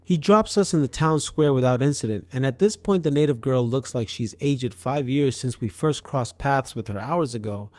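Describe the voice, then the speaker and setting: A man narrating a scripted story with a steady, even storytelling delivery. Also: mid-range voice, moderate pace, few pauses, no room sound.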